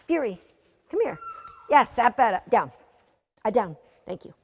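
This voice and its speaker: A woman instructing a dog training class, giving brisk, matter-of-fact commands to a dog and its handler, sometimes teasing. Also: fairly high pitch, very animated, vocal fry, a little hiss or hum. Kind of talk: coaching a live training session. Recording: long reverb of a large hall.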